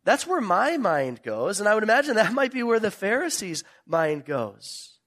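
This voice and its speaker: A male pastor preaching a sermon, retelling a parable with animated storytelling and emphatic questions. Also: high voice, normal speed.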